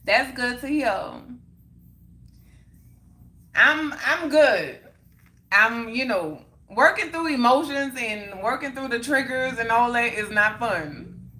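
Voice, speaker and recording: A woman's voice: a little high, a little slow, bright, forceful tone. A young woman chatting casually on a livestream, answering viewer comments and repeating her points for emphasis. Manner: emphatic and repetitive, circling back on points. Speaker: livestream host.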